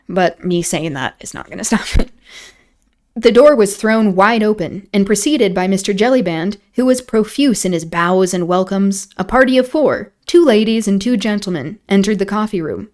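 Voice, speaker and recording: A woman reads a novel aloud at an even, mid-range pitch, dropping into wry, mocking asides. Her reading is casual and unpolished. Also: normal speed. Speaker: streamer reading a book aloud.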